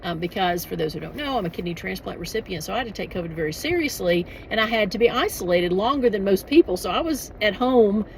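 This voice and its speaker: A woman's voice: medium pitch, animated, quick pace, creaky, hardly any pauses, slight background noise, rough recording. A middle-aged woman chatting casually in a vlog, rambling with frequent restarts and laughs. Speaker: author and vlogger.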